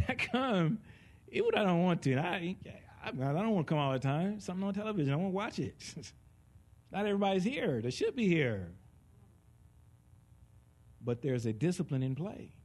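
A man preaching a conversational sermon. He is animated and joking, and swings between soft and loud delivery. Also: high voice, normal speed, long pauses.

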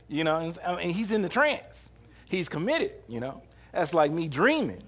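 Man, preacher, sermon, conversational, humorous, laughs often, acts out quotes, fairly high voice. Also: moderate pace, breathy edge. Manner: humorous, conversational retelling of scripture with frequent laughs; animated, acts out short quoted lines.

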